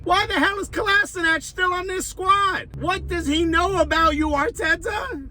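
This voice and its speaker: A man joking and ranting about his football club while driving through city traffic, filming on his phone. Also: extremely high pitch. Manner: animated, joking, profane, slangy. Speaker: football fan vlogger. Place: inside a car in city traffic. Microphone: phone camera in a moving car. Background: car sounds.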